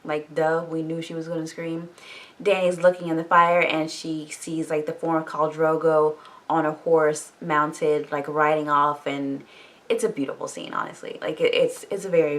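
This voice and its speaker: Casual woman vlogger, lowish voice, loose and jokey book chat with swearing. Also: a bit bright. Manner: chatty, filler-heavy, swears, jokey asides. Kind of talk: casual book recap and review.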